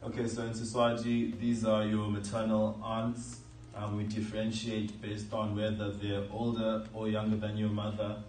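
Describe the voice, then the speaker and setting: Low flat man explaining, roomy. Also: moderate pace. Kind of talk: explaining words. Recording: roomy, distant mic, faint music.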